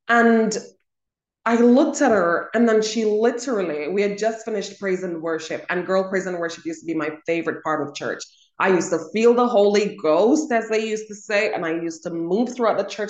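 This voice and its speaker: A young adult woman co-hosting a casual chat, telling a personal story with emphatic repetition. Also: mid-range voice. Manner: emphatic storytelling, repeats words for stress. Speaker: co-host. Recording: roomy echo.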